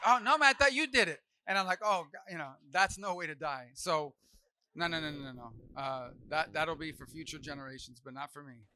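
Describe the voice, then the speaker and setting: Bright, dry-voiced man giving a jokey campaign speech. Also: on the high side, clean tone, no room sound. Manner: jokey, conversational, acts out quoted people. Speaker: political speaker. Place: event hall.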